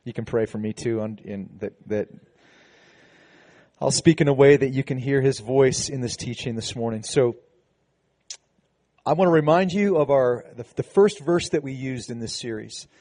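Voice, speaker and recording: A man's voice: medium pitch, moderate pace, mellow. A man, a pastor, giving a sermon in a conversational, preaching way, with frequent restarts and emphatic passages.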